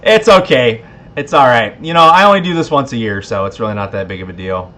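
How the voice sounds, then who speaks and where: A man's voice: lowish voice, big pitch swings, fast talker, sharp tone. A man hosting a casual livestream giveaway, laid-back, a bit tipsy and laughing often. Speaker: livestream host.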